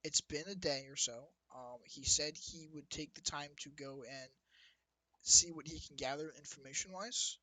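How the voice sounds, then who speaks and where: A man's voice: a little high, normal speed, sharp tone, rough recording. A man narrating as dungeon master in a loose, rambling way, with restarts and asides. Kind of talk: narrating a tabletop game.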